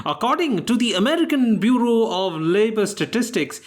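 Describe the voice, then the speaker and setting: A man co-hosting a quiz podcast in casual chat, explaining answers with dry, teasing humor and thoughtful pauses. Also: high voice, very animated. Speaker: quizmaster co-host.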